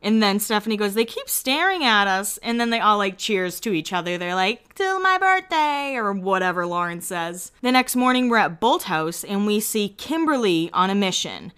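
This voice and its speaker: Woman, young adult, smooth clear voice, chatty podcast recap, acts out quotes. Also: mid-range voice, animated, normal speed, hardly any pauses, a bit bright. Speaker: podcast host recapping a reality show. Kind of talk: casual chat recap.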